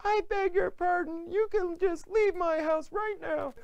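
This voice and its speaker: Guy doing a desperate young woman, squeaky high and begging. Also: fairly even intonation, a little slow, vocal fry, a little mellow, lo-fi sound, full character voice. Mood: indignant. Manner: high-pitched, pleading and indignant.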